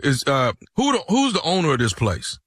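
A man playing a loud, angry husband who makes a threatening, slangy prank call. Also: fairly high pitch, wildly swooping pitch, moderate pace, no room sound, studio quality, exaggerated voice. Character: loud angry husband, complaining caller, middle-aged man. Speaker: prank caller.

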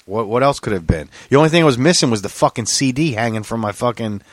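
Animated, swearing podcast host, a man. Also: mid-range voice, fast, no room sound. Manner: animated, acts out both sides of his stories. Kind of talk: casual profane storytelling chat.

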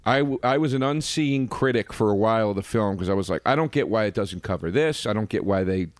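A man co-hosting a podcast who stammers through restarts and drops blunt, deadpan crude jokes. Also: lowish voice, fast, dry recording. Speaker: podcast co-host. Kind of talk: casual comedic movie chat.

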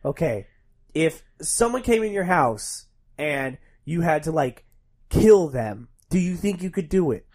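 A man's voice: on the high side, very animated, measured pace, a little mellow. A man co-hosting a casual podcast, joking bluntly and swearing. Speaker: podcast co-host. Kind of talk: casual chat.

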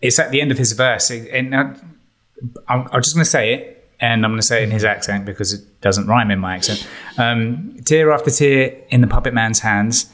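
A man's voice: medium pitch, fairly even intonation, a little fast, fairly bright tone. A man on a podcast, talking thoughtfully and hesitantly about lyrics, with many fillers. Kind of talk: casual album-review chat.

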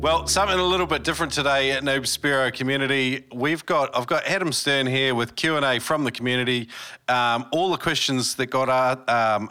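Man, podcast host, bright forceful voice, chatty and upbeat. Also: medium pitch. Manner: chatty, upbeat, with fillers and restarts. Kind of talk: casual podcast intro and ad reads.

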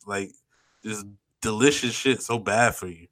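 Man, podcast co-host, loose slangy swearing chat, bright forward tone. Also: fairly low pitch, lively intonation. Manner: laid-back, profane, drawn-out slang. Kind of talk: casual chat.

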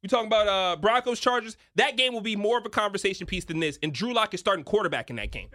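Animated bright-voiced man talking football bets. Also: sits high, fast talker, no room sound, clean studio sound. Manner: emphatic, rising to excited near-shouts. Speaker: sports betting analyst. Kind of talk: animated sports betting talk.

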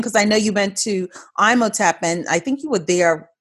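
Husky woman hosting an interview. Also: medium pitch, normal speed, fairly bright tone. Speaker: interview host. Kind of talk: casual interview.

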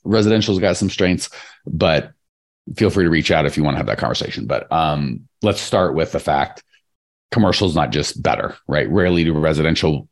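A man hosting a podcast in casual chat, energetic and rambling, talking straight to his listeners. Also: deep voice. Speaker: podcast host.

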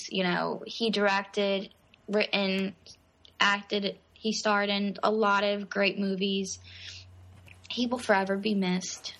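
A woman's voice: mid-range voice, a bit bright. Woman chatting casually, hesitant and rambling. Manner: rambling, hesitant, many fillers. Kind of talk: casual chat.

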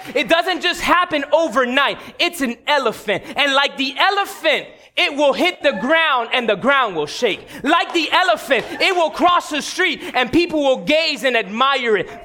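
A male preacher delivers his sermon in a very high, bright voice. He swings widely in pitch and drops low and slow on key phrases for drama.

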